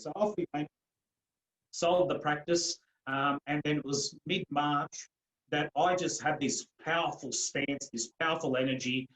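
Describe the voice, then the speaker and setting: A middle-aged man with a slightly raised pitch tells his own story in an interview. He speaks earnestly and repeats phrases for emphasis. The room gives his voice a noticeable echo. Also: a little slow, a bit bright. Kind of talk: personal storytelling in a podcast interview. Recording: roomy echo.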